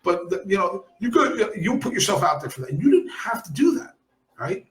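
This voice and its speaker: Animated blunt man from New Jersey. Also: high-pitched, brisk, echoey room. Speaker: podcast host. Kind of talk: casual chat.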